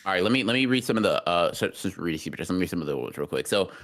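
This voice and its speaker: A young man co-hosting a casual podcast livestream, teasing his friend and reading super chats, with sudden high-pitched bursts. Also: expressive, racing, fairly bright tone. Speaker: podcast co-host.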